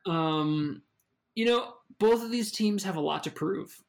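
A fantasy football podcast co-host chats casually about sports, talkative and frequently restarting his phrases. His voice sits high and he takes his time.

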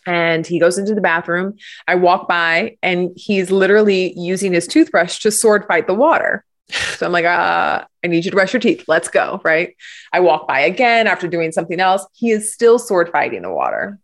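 A woman guest in a conversation, telling stories and explaining ideas with animated enthusiasm. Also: lowish voice, moderate pace. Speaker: guest, parenting coach. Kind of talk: conversational interview.

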